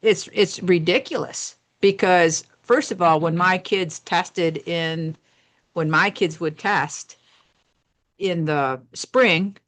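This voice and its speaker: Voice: mid-range voice, slow, fairly bright tone. A retired teacher in their sixties, speaking emphatically in a casual podcast conversation. They stress points by repeating words. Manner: emphatic and repetitive.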